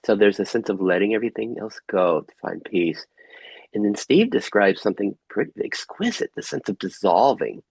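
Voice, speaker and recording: A man facilitating an online group workshop over a video call, gently asking soft reflective questions. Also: on the low side, big pitch swings, moderate pace, gravelly, husky, no room sound, poor audio.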